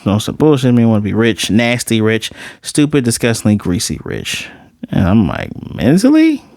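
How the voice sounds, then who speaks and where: A man's voice: lowish voice, sing-song, normal speed, gravelly, darkish tone, no room sound. A man casually recapping and reviewing a TV episode, slangy and profane, acting out the characters' lines as he retells scenes. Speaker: TV series reviewer.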